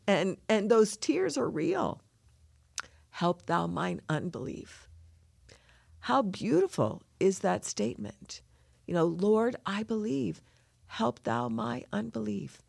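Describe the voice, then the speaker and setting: A woman's voice: medium pitch, vocal fry, no room sound, clean studio sound. A woman co-hosting a scripture lesson, talking through a passage in an earnest, heartfelt way. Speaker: podcast co-host teaching scripture. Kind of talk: reflective scripture discussion.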